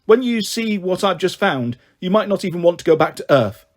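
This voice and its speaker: A man's voice: high voice, expressive, a little fast. A man voicing an eager young boy who is a friend in a storybook reading, wide-eyed and keen. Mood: excited.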